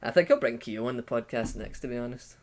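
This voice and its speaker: A man's voice: mid-range voice, quick pace. A Scottish man hosts a loose, casual podcast. He teases his guest with mock insults and swears constantly, then laughs it off. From Scotland. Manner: swears freely, joking and teasing. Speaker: podcast host.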